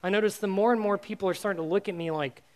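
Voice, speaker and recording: A man giving a youth sermon, telling a personal story in an animated, self-mocking way with many fillers before turning to faith. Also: sits high, racing. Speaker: youth pastor.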